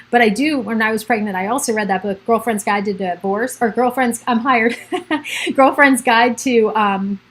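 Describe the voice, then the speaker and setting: A middle-aged woman with a voice pitched a little high chats casually on a livestream from her home computer. She rambles from one thought to the next and laughs often. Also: moderate pace, fairly bright tone, low-quality recording. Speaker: realtor hosting a livestream.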